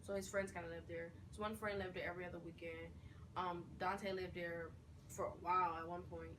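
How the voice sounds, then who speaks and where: A woman recounting family memories in a quick, loose, chatty way. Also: on the low side, flat delivery, noisy background. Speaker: interviewee. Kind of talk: casual storytelling.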